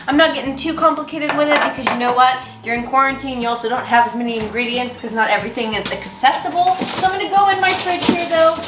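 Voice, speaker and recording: Bubbly woman hosting a kitchen vlog. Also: high-pitched. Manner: bubbly, joking, swears casually. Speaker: host. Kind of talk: casual cooking vlog. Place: home kitchen. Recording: echoey kitchen with music.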